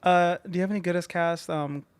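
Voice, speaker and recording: A man's voice: sits high, steady tone, brisk, clear, resonant tone. A man from Southern California, a podcast guest in a studio, chatting casually in a rambling, playful way with lots of fillers. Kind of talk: casual chat. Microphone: studio mic.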